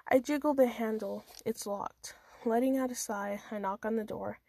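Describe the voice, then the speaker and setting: A woman's voice: on the high side, fairly even intonation, moderate pace, mellow, no room sound. A woman reading her own first-person story aloud in a casual amateur manner, with small stumbles and restarts.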